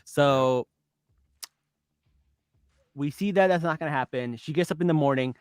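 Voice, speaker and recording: A man hosting a podcast in casual chat, playful and quick with jokes, retelling scenes by acting out the lines. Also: on the high side, clean tone, dry recording. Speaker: podcast host.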